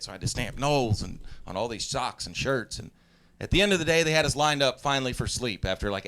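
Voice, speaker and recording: This stand-up comedian, a man in his forties from Southeast Texas, performs live with laid-back storytelling, frequently cracking himself up and breaking into loud yelled impressions. He has a fairly low pitch and a clean tone.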